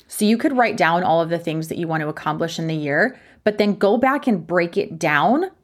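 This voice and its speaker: A young woman hosting her own podcast as a fitness coach, talking frankly and chattily, poking fun at herself. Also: on the low side. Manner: frank, chatty, self-deprecating. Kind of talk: candid solo podcast talk.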